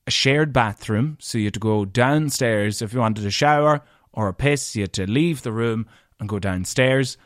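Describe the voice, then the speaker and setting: A young Irish man hosting a podcast, telling crude, animated comic stories in a casual monologue. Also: medium pitch, no echo, studio quality. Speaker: podcast host.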